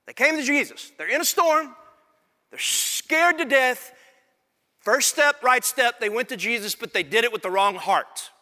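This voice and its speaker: A man preaching a sermon in a church sanctuary, stacking repeated phrases as his emphasis climbs. His voice sits high and sounds bright and forceful. A long reverb from the large hall trails behind every line. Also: measured pace. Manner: preaching with rising emphasis and repetition. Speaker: pastor.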